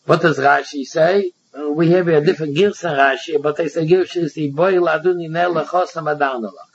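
A man with a Yeshivish English accent teaching a Talmud passage aloud, reading lines and then explaining them, often halting and repeating words. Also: a little high, fairly even intonation, husky. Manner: halting, repeats words and restarts, reads Aramaic then translates. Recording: dull lo-fi recording.

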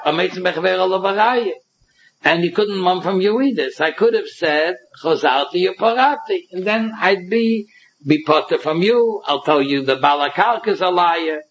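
A man teaches a Talmud lecture in a fairly high, husky voice. He walks through each passage by acting out the claims of both sides. The recording is dull and lo-fi.

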